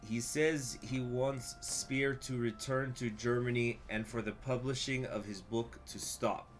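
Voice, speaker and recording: A man voicing a calm man translator slowly relaying a call in a flat tone. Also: medium pitch, soft background music, lightly acted.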